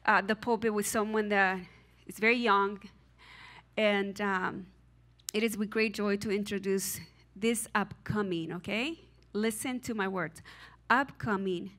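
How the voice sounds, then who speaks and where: A woman's voice: mid-range voice, fairly bright tone. A woman pastor preaching and introducing a young speaker with emphatic, building lists. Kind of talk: sermon. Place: church sanctuary.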